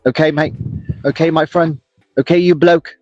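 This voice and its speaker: A man's voice: a little high, steady tone, normal speed, a little mellow, dry recording, soft background music, natural voice. A man doing a put-on English accent, teasing a chat member in mock outrage over a dull, lo-fi phone stream. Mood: mock scolding. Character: mock English bloke, cheeky and scolding.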